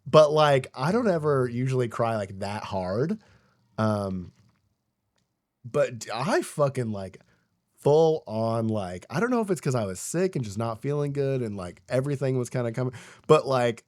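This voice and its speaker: A man's voice: medium pitch, sing-song, moderate pace, a little mellow. A young man co-hosting a podcast, telling a story in casual chat, rambling with lots of fillers and swearing. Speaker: podcast co-host.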